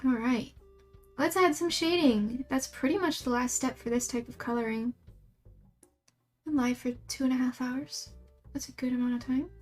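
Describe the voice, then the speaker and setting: A woman's voice: high-pitched, moderate pace, pauses often, soft background music. A young adult woman livestreaming while she draws, rambling casually and laughing often as she chats with her viewers. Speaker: livestreamer drawing emotes. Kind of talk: casual chat while drawing.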